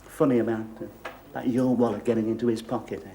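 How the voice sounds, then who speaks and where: An actor playing a miserly, nosy middle-aged landlord who stammers and wheedles, in a 1970s studio sitcom. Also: male voice, mid-range voice, fairly even intonation, fast, dark tone, close to an everyday voice. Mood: blustering. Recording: noisy old TV soundtrack.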